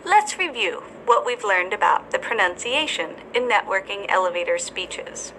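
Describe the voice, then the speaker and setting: A woman teacher narrating a scripted English lesson, speaking slowly and deliberately with careful enunciation. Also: mid-range voice, expressive, bright, forceful tone, slight background noise, low-quality recording.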